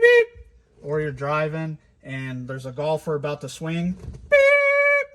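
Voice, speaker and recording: A man hosting a car channel, casually explaining a hands-on install step by step while working in a vehicle workshop. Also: a little high. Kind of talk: hands-on DIY install walkthrough.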